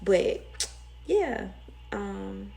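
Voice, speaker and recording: A woman's voice: mid-range voice, animated, extremely slow, creaky, dark tone. A young woman with a Southern US accent, rambling emotionally in a casual storytime vlog. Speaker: vlogger.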